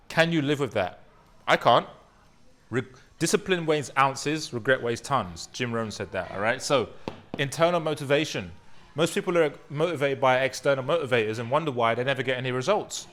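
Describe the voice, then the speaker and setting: A man's voice: mid-range voice, a bit bright. A young man, a fitness coach, delivering an emphatic motivational course lesson and often checking in with "right?". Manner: earnest and emphatic, with frequent "right?" tag questions.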